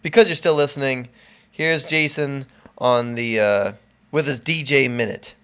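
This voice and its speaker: A man of average pitch co-hosts a casual comedy podcast. He laughs a lot and talks through promotions, slowing down to spell things out. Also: fairly bright tone, smooth. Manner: laughs often, plugs the website, slow spelled-out promos. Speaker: podcast co-host.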